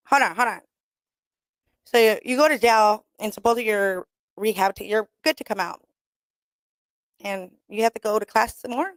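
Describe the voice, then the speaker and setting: A woman's voice: medium pitch, moderate pace, pauses often, no echo. Blunt, profane woman radio host. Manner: blunt, profane, laughs often; mixes in Spanish slang. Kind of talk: casual, rambling radio talk.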